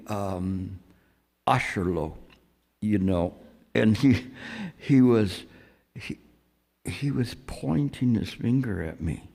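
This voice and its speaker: A meditation teacher giving a dharma talk into a microphone on a stand, in a reflective, halting storytelling manner with frequent restarts. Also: male voice, fairly low pitch, creaky, dark tone, long reverb tail. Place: meditation center hall.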